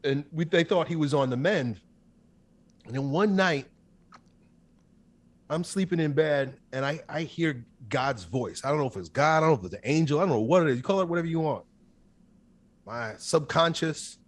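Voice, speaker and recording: Speaking in a slightly high, expressive voice, a man in his thirties shares a personal story as an interview guest. His delivery is intense and emphatic, coming out in quick bursts.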